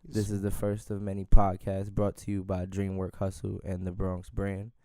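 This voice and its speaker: A man's voice: deep voice, monotone, moderate pace, dark tone, dry recording, clean studio sound. A man hosting a podcast, asking short laid-back interview questions. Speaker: podcast host. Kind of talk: casual interview.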